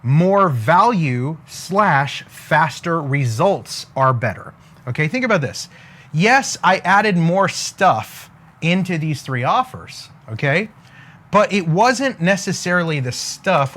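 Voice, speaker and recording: A man's voice: a little high, sing-song, takes it slowly, a bit bright. A man teaching business as a motivational coach, talking emphatically, repeating catchphrases and often checking in with "okay?" while drawing on a board.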